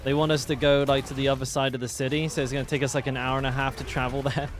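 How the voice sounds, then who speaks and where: A man's voice: medium pitch, flat delivery, racing, a little hiss or hum. A British man chatting casually with his stream chat while gaming, joking and swearing. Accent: British English. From Britain.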